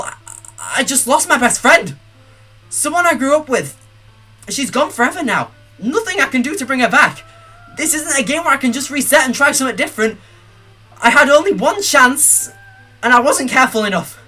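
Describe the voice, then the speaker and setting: A man's voice: very high-pitched, sharp tone. A young man streaming a game live, reading its text aloud and breaking into nervous, panicky outbursts.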